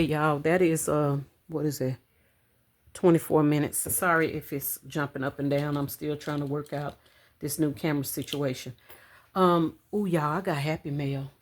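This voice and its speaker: A woman chatting casually to her viewers at home, calling them y'all and counting out loud as she goes. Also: low voice, fairly even intonation, normal speed, gravelly. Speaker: budgeting vlogger. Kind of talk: casual chat to camera. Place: home room. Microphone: camera on a stand.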